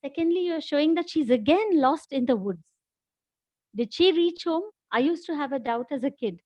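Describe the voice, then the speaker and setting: Woman, Indian English accent, middle-aged, high voice, storyteller, dry muffled call audio. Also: moderate pace, no room sound. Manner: animated, expressive reading. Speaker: storyteller, former teacher. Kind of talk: children's story read-aloud. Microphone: laptop mic on video call.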